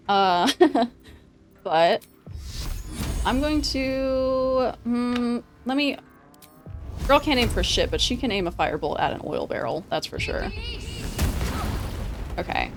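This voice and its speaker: A woman streaming a game, talking casually, excitable, swearing freely and laughing often. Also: a little high. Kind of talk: casual gameplay commentary.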